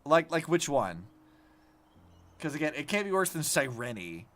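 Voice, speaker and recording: Lively, bright-voiced male streamer. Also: a little high, normal speed. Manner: rambling, profane, animated ranting. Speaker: vtuber streamer. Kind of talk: casual gaming stream commentary.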